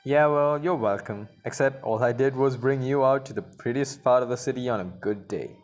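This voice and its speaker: A man voicing a smug, roguish young adventurer who trades teasing banter with his friends. He talks in an even middle register, easy and self-assured, for a story game read aloud. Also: mid-range voice, moderate pace, faint music behind, lightly acted. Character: cocky roguish male guide, teasing.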